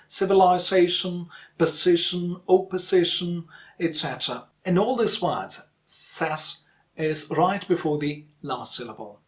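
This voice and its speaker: Man drilling word stress, slightly high voice. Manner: slow, repeats each word for drill; calls for likes and subscribes. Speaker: pronunciation teacher. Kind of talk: online pronunciation lesson.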